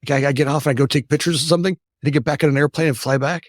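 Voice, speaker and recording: A man in his fifties from the United States, a company founder telling stories as an interview guest. He talks rapidly, tags his lines with "right?" and often restarts his sentences. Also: on the high side, fairly even intonation, dry recording, studio quality. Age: 50s. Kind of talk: casual storytelling interview.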